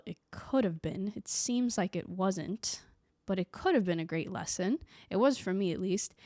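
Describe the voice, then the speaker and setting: A young woman from Sweden talking casually to the camera, reflective and animated, acting out the people she quotes. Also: medium pitch, no room sound, studio quality. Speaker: vlogger.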